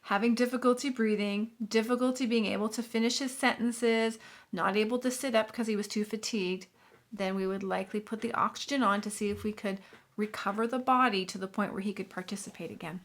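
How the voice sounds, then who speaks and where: A woman's voice: mid-range voice, steady tone, fairly quick. A woman who is a nurse and has a Southern US accent, explaining a clinical topic in a chatty commentary video. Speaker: nurse reacting to news clips.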